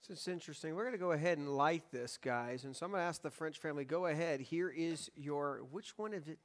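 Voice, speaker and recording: A man in his thirties with a high, light voice leads worship as pastor. He talks to the congregation in a relaxed, joking way. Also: fast talker. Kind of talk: sermon. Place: church sanctuary.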